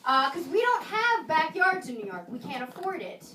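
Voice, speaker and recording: A woman performing a stand-up comedy set, with wry, sarcastic asides and pauses before punchlines. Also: sits high, very animated, bright, forceful tone. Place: small comedy venue in a video store, live audience. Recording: roomy live room, mic a bit distant, audience laughter.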